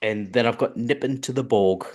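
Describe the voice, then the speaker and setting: A man co-hosting a casual podcast, talking hesitantly with many pauses and restarts. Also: mid-range voice, darkish tone.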